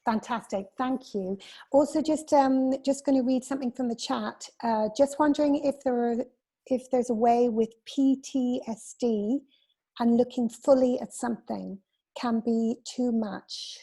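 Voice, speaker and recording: A woman moderating a session, speaking softly, affirming briefly and reading out questions. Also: on the high side, a little slow, breathy edge. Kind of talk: casual chat.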